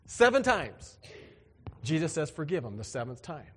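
A man preaching with a voice that sits a little high for a man. He jokes with his listeners and acts out little exchanges, his voice leaping up and dropping low as he plays each part. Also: normal speed, breathy edge, long reverb tail. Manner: animated and joking, acts out dialogue with big pitch swings. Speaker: pastor. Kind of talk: sermon.

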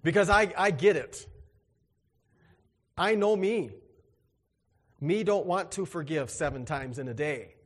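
A man preaching with a voice that sits a little high for a man. He jokes with his listeners and acts out little exchanges, his voice leaping up and dropping low as he plays each part. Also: measured pace, long pauses, in a large hall. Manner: animated and joking, acts out dialogue with big pitch swings. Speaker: pastor. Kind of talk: sermon.

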